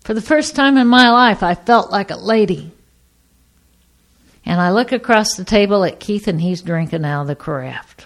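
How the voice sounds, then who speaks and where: A middle-aged woman giving a personal testimony to an audience, a lively storyteller who acts out the people in her story. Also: medium pitch, normal speed. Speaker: speaker sharing her recovery story.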